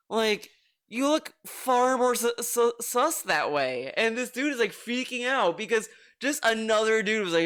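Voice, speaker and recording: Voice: mid-range voice, sing-song, normal speed, fairly bright tone. A streamer giving exasperated, ranting commentary on a video, swearing freely. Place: home streaming room.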